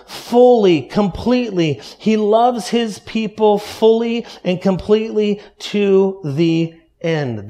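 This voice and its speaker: A man preaching a sermon, emphatic, repeating key phrases and dropping softly low for stress. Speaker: pastor.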